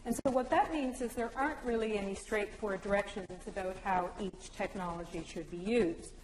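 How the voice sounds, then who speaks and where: A woman giving an academic conference talk to language teachers, speaking in a clear, measured way and addressing the audience directly. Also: medium pitch, a little mellow, slight background noise. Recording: echoey lecture hall with long reverb.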